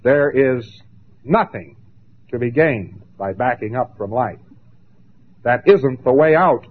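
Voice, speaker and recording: A man giving a lecture, emphatic and dramatic, with long pauses and mocking asides. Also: mid-range voice, a little hiss or hum. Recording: tinny lo-fi old recording.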